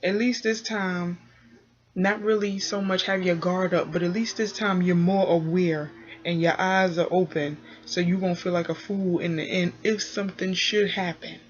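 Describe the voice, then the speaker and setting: A woman's voice: on the low side, steady tone, moderate pace, dull audio. A woman giving a chatty, casual review of a reality TV episode, full of fillers and acted-out quotes. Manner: chatty, full of "you know" and "um", acts out quotes. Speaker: TV recap vlogger.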